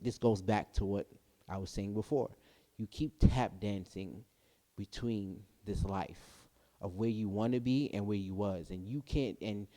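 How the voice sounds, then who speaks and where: Casting: young male host, low mellow voice, searching and earnest, reverberant room. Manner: earnest, searching, repeats himself. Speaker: podcast host. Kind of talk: candid personal monologue.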